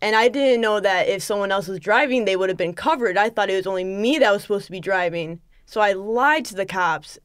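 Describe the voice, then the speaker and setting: A young adult woman appears as a podcast guest, telling a story in casual chat and quoting people back and forth. She retells it quickly and animatedly with many quoted asides, her medium-pitched voice clean, with no echo, through a studio microphone in clean studio sound.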